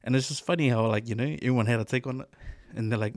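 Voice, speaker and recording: A man, co-hosting a podcast in casual chat, talking in a relaxed, rambling way with lots of slang. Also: medium pitch, rapid-fire, few pauses, dry recording, studio quality. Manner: laid-back, rambling, lots of fillers and slang. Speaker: podcast co-host.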